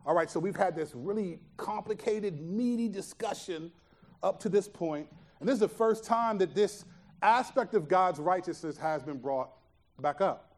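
A male pastor preaching a sermon, earnest and emphatic, asking rhetorical questions and dropping to a hush for reflective points. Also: sits high, normal speed.

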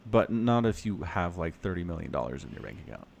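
A man's voice: sits low, sing-song, fast, vocal fry, muffled recording, a little hiss or hum. An American man co-hosting a podcast in casual chat, teasing and laughing often. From United States. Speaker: podcast co-host.

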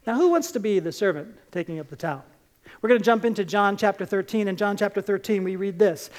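A woman preaching a sermon, telling Bible stories in an animated, conversational way and acting out the quotes. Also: medium pitch, fast talker.

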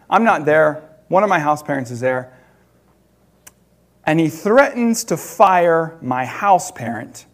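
Animated man preaching with lively pitch. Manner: animated storytelling, laughing, swings between loud and soft. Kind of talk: sermon with personal story.

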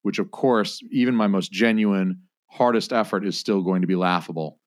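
A podcast host who chats casually and trades crude jokes with his guests. His voice is fairly low. The sound is dry and close. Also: moderate pace, dry recording. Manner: joking, crude banter.

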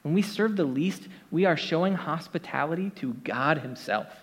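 Casual preacher in an echoey hall. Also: male voice, on the high side, expressive, moderate pace. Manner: conversational, many fillers and asides to the congregation. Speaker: pastor. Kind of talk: casual sermon. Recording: long hall reverb.

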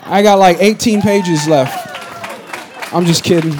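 Middle-aged man, pastor, high-pitched voice; lively sermon delivery with humorous asides. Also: slow pace, some chatter behind, a little hiss or hum. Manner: lively storytelling preacher, repeats punchlines, jokes with the congregation.

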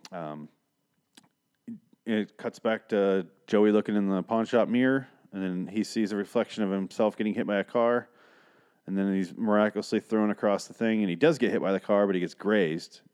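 A man's voice: lowish voice, moderate pace, a little mellow, smooth. A young man hosting a podcast, casually recapping a TV episode with rambling, profane, sarcastic asides. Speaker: podcast host.

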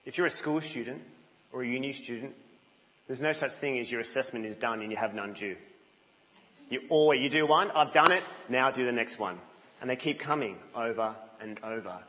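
A man preaching a sermon in a church, telling stories in an animated way and dropping to a hush. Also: mid-range voice, brisk, slight background noise. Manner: animated storytelling, drops to a hush. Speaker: guest preacher. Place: church, indoors. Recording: reverberant, muffled church hall.

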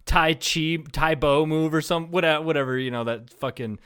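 A man co-hosting a loose comedy podcast, his voice sitting a bit high for a man. He tells crude stories with lots of swearing and breaks into laughter often. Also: normal speed, fairly bright tone, smooth. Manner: crude, profane storytelling with frequent laughter. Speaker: podcast co-host. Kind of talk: casual comedy podcast chat.

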